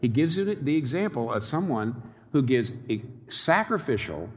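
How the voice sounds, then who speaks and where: A man preaching a sermon in an animated, wry way, often chuckling at his own irony. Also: medium pitch, normal speed, in a large hall.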